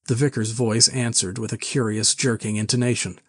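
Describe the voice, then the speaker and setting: A man reading a classic novel aloud with measured, even storytelling. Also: medium pitch, no echo, studio quality. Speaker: narrator. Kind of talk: scripted narration of a classic novel.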